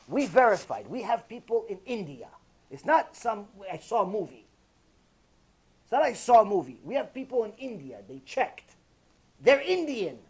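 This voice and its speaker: A man giving a Torah lecture as a rabbi, emphatic, repeating key phrases and firing rhetorical questions. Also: high voice.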